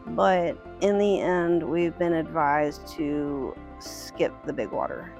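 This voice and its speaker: A woman's voice: sits low, slow, gravelly. A woman vlogging a family trip as a mother of seven, candid and chatty, laughing as she talks and calling out directions to her kids. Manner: calls out directions to kids across the water. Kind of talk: casual vlog narration. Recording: background music over the voice.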